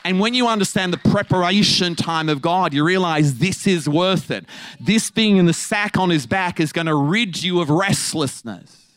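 A man preaching a sermon to his church, mixing jokes and quick asides with his message. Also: high voice. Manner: humorous, animated, quick asides with laughs.

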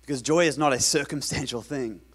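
A man's voice: mid-range voice, brisk, a bit bright. Conversational male pastor preaching. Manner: conversational, asks the congregation questions and repeats lines for emphasis. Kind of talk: sermon.

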